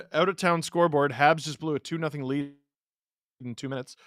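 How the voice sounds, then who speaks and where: Excitable host calling hockey, bright voice. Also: male voice, fairly high pitch, normal speed, no echo, studio quality. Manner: excitable, jumps between shouting and muttering. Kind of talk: live watch-along hockey commentary.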